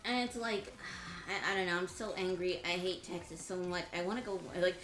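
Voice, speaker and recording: A woman from Georgia in the US, a guest on a game stream, venting in blunt, profane talk with halting restarts. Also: on the low side, steady tone, fairly bright tone. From Georgia, USA. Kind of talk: casual chat on a game stream. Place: home room. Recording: roomy echo.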